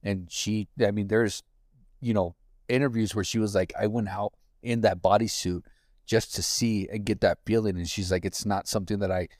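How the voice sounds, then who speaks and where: A man's voice: fairly low pitch, steady tone, normal speed, darkish tone, no echo, clean studio sound. A man co-hosting a podcast in casual chat, rambling with lots of "you know what I mean.". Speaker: podcast co-host.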